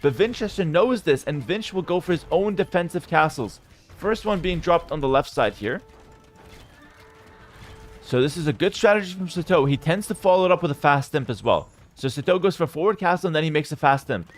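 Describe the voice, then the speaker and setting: Excitable higher-voiced male game caster. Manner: excitable, fast play-by-play with sudden outbursts; chats to viewers as "guys". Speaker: streamer casting a game. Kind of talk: live esports commentary to chat.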